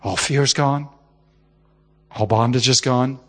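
A man's voice: mid-range voice, slow pace, big-room sound. A man preaching a sermon, telling a heartfelt personal story and often repeating the word "just.".

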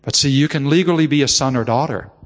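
A man's voice: medium pitch, fast talker, long reverb tail. A man preaching a sermon, telling a heartfelt personal story and often repeating the word "just.".

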